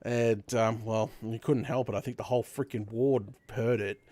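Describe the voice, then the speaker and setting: A young Australian man, a streamer host, telling a story in casual chat with laughter and lively retelling. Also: medium pitch, moderate pace, dry recording.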